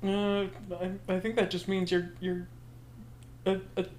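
A woman's voice: mid-range voice, flat delivery, measured pace, darkish tone. Dry-joking woman, faint background hiss. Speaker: podcast co-host. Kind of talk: casual podcast banter.

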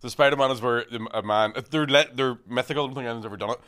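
A man's voice: medium pitch, fairly bright tone, clean tone. A man co-hosting a podcast, telling crude stories in casual comedic chat, laughing often. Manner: crude, fast, laughing storyteller. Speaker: podcast co-host.

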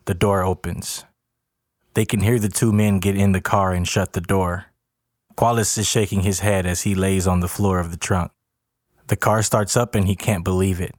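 A man telling a story in a plain, steady way. His voice is low and the recording is dry and close, with no room sound. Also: normal speed, no room sound. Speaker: narrator. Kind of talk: storytelling narration.

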